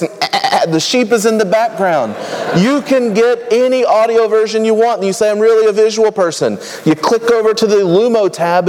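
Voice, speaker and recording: A man's voice: high-pitched, a little mellow, long reverb tail. A man preaching a sermon in a conversational, humorous way, rattling off long lists.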